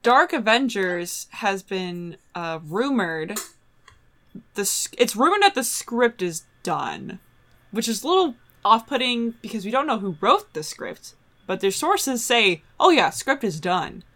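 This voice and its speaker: A woman hosting a casual pop-culture podcast, animated and emphatic, often trailing off mid-sentence. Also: mid-range voice, a little slow. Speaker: podcast host reading news.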